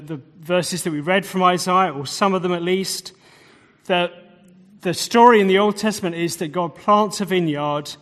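Male preacher, slightly high voice, sermon, long reverb of a hall. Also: fairly bright tone. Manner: expository, restarts and fillers, emphatic repetition.

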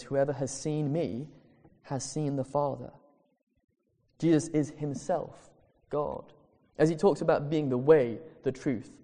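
A man preaching in an earnest, emphatic way, drawing out the phrases he wants to land. His voice is dark and mellow, and long reverb from a large church hall rings behind every line. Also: mid-range voice. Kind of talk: sermon.

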